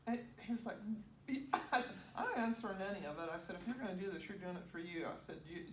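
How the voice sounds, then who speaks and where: A woman's voice: mid-range voice, fast talker, slight background noise. Laughing woman telling a story, distant roomy mic. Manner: animated, laughs often, acts out quoted voices. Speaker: guest sharing testimony. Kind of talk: casual storytelling.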